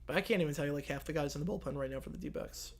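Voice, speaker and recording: A man's voice: a little high, racing. Young male streamer, casual drowsy Q&A, rambling delivery. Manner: chatty, rambling, self-correcting. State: yawning, drowsy. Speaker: live-stream host answering chat. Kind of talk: casual live commentary and Q&A.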